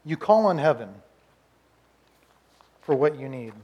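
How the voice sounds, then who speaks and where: Animated preaching man, higher voice. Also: a little slow, slightly rough, muffled recording. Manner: swings between loud urging and quiet confiding, with frequent restarts. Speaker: pastor. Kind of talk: sermon.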